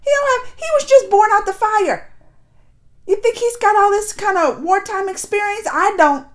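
A woman's voice: very high-pitched, moderate pace. A woman hosting a reaction video, chatting casually and emotionally while talking back to the screen. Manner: chatty and colloquial.

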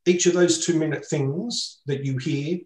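A man's voice: fairly high pitch, steady tone, unhurried, a little mellow, echoey room, poor audio. An Australian man chatting casually on a panel over a video call, rambling with many fillers. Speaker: panel guest.

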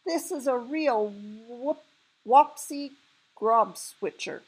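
A woman's voice: on the high side, drawn-out words, husky, voice pushed up, heavily acted, low-quality recording. A woman doing an agitated big friendly giant. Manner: mangled words, loud exclaiming. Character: big clumsy kind male giant, distressed.

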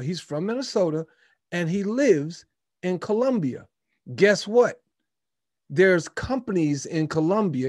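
Upbeat southern host, highish voice, dry close sound, repeats himself, laughs a lot. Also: male voice, no room sound. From Memphis, Tennessee. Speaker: webinar host. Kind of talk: casual webinar talk. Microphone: video call.

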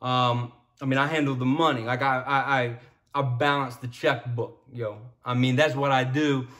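A man's voice: mid-range voice, fairly even intonation, moderate pace, fairly bright tone, natural voice. A man voicing a boastful male disciple and former tax collector with a put-on Brooklyn-Italian accent, in a slangy bragging manner. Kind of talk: casual sermon retelling.

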